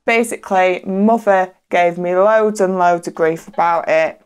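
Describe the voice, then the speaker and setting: A woman's voice: medium pitch, moderate pace, hardly any pauses, clean tone. Candid Yorkshire woman telling a story. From England. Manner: candid, storytelling, swears casually. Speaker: podcast co-host. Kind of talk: casual chat.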